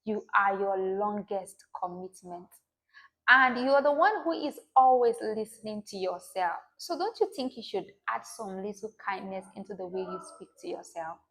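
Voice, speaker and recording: Encouraging woman reciting gentle affirmations. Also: mid-range voice, animated. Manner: warm, encouraging, slow affirmations. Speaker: self-help video host. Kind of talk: motivational talk to camera.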